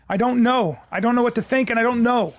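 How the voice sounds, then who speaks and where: A man in an interview clip, halting and searching for words. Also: extremely high pitch, dry recording.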